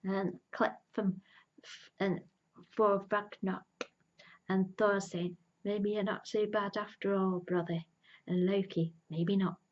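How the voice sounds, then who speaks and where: A woman's voice: medium pitch, level tone, takes it slowly, lo-fi sound. A woman casually recapping a television episode, chatty and enthusiastic, acting out quoted lines between "um"s. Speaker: TV reviewer.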